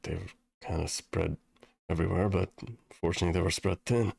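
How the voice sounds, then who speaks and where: Deep, gravelly game master. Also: male voice, fairly even intonation, a little mellow, no echo. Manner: slow, halting narration with sound effects. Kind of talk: narrating a tabletop game.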